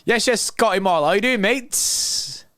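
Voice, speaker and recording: Reading live chat aloud, a young watchalong host chats and jokes casually during a football stream. His voice sits high, bright and forceful.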